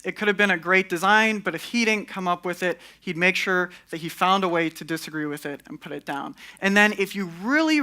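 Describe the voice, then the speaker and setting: A man's voice: sits high, bright, forceful tone. A young man giving a candid conference talk on stage, with wry, sarcastic asides. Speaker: conference speaker.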